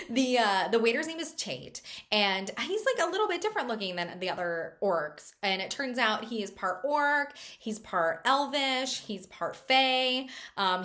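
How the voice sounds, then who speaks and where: Chatty woman doing a casual book review vlog, bright voice, lots of um and like. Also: a little high. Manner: chatty, bubbly, full of fillers.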